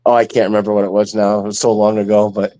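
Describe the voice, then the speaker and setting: A man's voice: fairly low pitch, little pitch movement, fast, warm tone, no echo. A man in casual chat who tells a story and remarks on what is being played.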